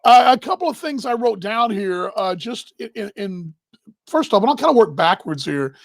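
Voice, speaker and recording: A man with a high, dry voice hosts a casual baseball live stream. He rambles warmly, restarts his sentences and gets emotional. His voice sits right on a close microphone with no room sound. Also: animated, normal speed, gravelly, dry recording. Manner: rambling, emotional, talks while handling gear. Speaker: baseball broadcaster hosting a live show.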